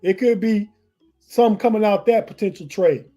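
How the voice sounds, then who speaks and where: A man's voice: high voice, normal speed, dark tone, faint music behind. A man co-hosting a live sports podcast in a rambling, casual way, often restarting his sentences. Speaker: podcast co-host.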